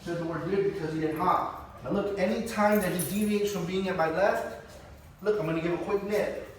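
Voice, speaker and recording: A man demonstrating dog training and calmly explaining each step, with sudden high-pitched bursts of excited praise. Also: a little fast, a little hiss or hum. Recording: echoey, distant camera mic.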